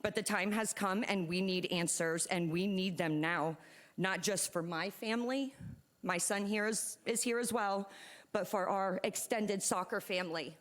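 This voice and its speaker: Mom at a city meeting podium trying hard not to get emotional, earnest, middle-pitched voice. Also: female voice, unhurried. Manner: earnest, holding back emotion. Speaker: parent and youth soccer club staff speaking at public comment. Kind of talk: emotional public comment. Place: city commission meeting chamber.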